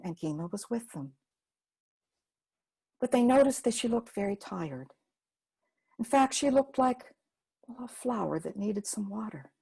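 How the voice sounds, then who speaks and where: A woman storyteller narrates a homespun folk tale. Her delivery is expressive and paced for listeners, moving naturally between scene and dialogue. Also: mid-range voice, husky.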